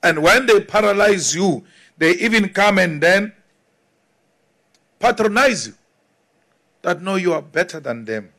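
A South African man giving an emphatic political speech to an audience, repeating his points with deliberate force. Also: high-pitched, lively intonation, pushed and bright.

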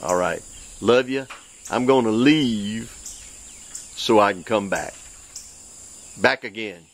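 A man, a preacher and show host who tells stories in a folksy, excitable way, his voice jumping high when he acts out other people. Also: slow. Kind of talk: informal preaching with storytelling.

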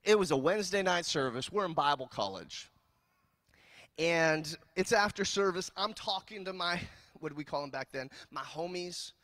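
A man from California preaching a sermon as pastor, telling jokes and stories in an animated way. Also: on the high side, moderate pace, no room sound. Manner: animated, joking storyteller. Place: church.

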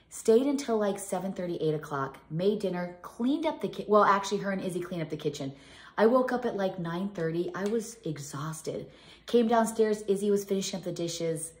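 A woman's voice: medium pitch, a little fast, darkish tone. A middle-aged woman chatting casually as a home cooking vlogger, telling rambling stories full of restarts and fillers. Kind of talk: casual chat. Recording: echoey room.

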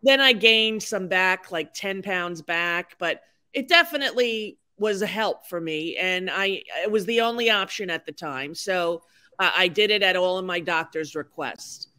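A woman in her sixties with a lowish, smooth, sharp-toned voice speaks unhurriedly as a podcast guest. Her storytelling is candid and frank, chatty and self-deprecating, packed with fillers.

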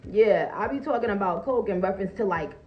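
A woman ranting casually and profanely on a live stream, animated and laughing, getting loud at her peaks. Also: medium pitch, brisk, dull audio.

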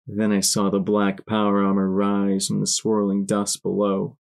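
Man, audiobook narrator, fairly low voice, measured expressive reading. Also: gravelly.

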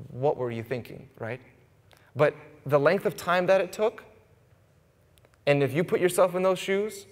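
A man's voice: a little high, big-room sound. A man in his thirties preaching a conversational sermon, often turning to the congregation with "right?". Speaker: pastor. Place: church sanctuary.

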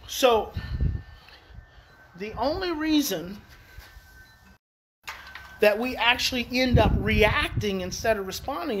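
Emphatic, high-voiced man giving parenting talk. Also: background noise. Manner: emphatic, repeats key phrases, swings in pitch. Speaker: parenting educator. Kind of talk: casual daily talk to viewers. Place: outdoors in the evening.

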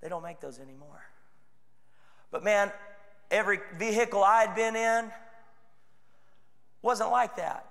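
A man's voice: sits high, a little slow, creaky, long pauses, a bit bright, in a large hall. A man with a Texan accent preaching a sermon in a church, earnest and conversational, slipping into quoted voices. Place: church sanctuary.

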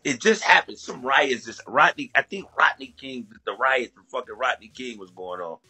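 A man's voice: mid-range voice, lively intonation, normal speed, bright, forceful tone, husky. A man from the USA telling a story as a guest, casual and profane, often laughing between lines.

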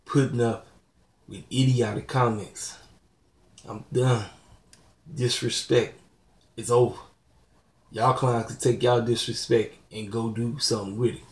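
A man's voice: mid-range voice, fairly even intonation, a little slow, pauses often. A young man, hosting his own channel and ranting bluntly and preachily to his viewers. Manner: blunt, preachy, laughing asides. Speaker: channel host. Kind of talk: casual vlog rant to viewers. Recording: roomy echo.

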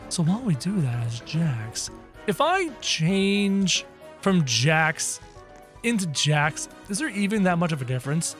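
Excitable high-voiced gaming guy. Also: normal speed, faint music behind. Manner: excitable, talks straight to viewers. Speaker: gaming YouTuber. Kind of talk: casual gameplay commentary.

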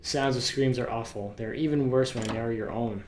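A man playing a horror game, reading the story text aloud and joking about it, with loud startled outbursts. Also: medium pitch, normal speed, reverberant, a little hiss or hum. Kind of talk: let's play commentary with read-aloud story text.

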